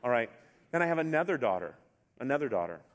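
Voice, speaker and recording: A middle-aged man preaching a sermon to a congregation, storytelling in a relaxed, conversational way with asides. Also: medium pitch, quick pace. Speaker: pastor. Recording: long hall reverb.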